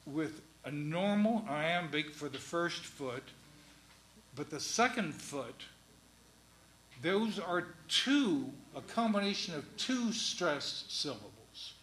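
A man giving a classroom lecture, speaking in a halting, deliberate way with many pauses, ums and restarts. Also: a little high, lively intonation, fairly bright tone, reverberant, a little hiss or hum, low-quality recording. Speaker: lecturer on Shakespeare's verse.

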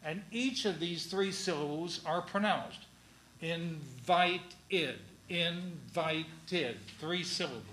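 A man teaching a class on verse and syllables, speaking slowly and deliberately with many pauses. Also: sits high, a bit bright, reverberant, a little hiss or hum, low-quality recording.

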